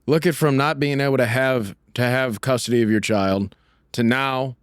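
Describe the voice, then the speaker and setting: A man's voice: mid-range voice, steady tone, normal speed, clean tone, no room sound, studio quality. A man co-hosting a podcast, encouraging and upbeat with his guest. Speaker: podcast co-host. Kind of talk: casual chat.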